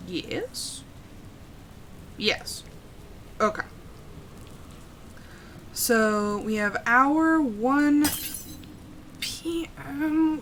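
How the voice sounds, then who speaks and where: A young woman streaming a horror game live, working slowly through puzzles and breaking into frightened exclamations. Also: on the high side, fairly bright tone, a little hiss or hum. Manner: jumpy, frightened exclamations between slow puzzle-solving. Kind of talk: live gameplay commentary.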